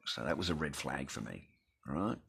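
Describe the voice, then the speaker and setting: A man's voice: rumbling low, lively intonation, normal speed, gravelly, fairly bright tone, husky. An Australian man telling a personal story in a blunt, rambling rant full of swearing. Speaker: vlogger.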